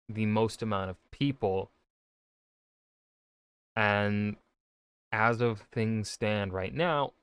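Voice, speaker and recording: A man's voice: fairly low pitch, clean tone, no room sound. A man, an author, giving casual reaction commentary, rambling with many fillers and restarts. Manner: rambling, lots of fillers and self-corrections.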